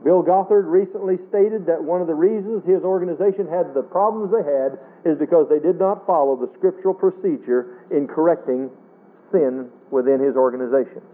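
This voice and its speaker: A man preaching a sermon in a folksy, earnest way, rising and falling as he quotes scripture. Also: brisk. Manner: folksy, earnest preaching with wide swings in pitch. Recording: tinny phone-line radio broadcast.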